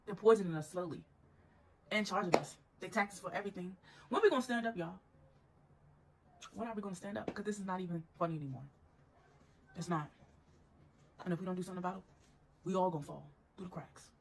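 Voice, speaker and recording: Fed-up woman talking straight to camera, lower voice, tired and frustrated. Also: fast talker, long pauses, slight background noise, low-quality recording. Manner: weary, exasperated venting to viewers. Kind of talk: vlog rant.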